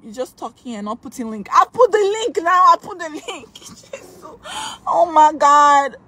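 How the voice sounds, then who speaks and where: A woman's voice: high-pitched, lively intonation, moderate pace, pushed and bright. A Nigerian woman on a live stream, emotionally pleading with fans to vote, repeating herself and laughing often. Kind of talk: excited live-stream chat.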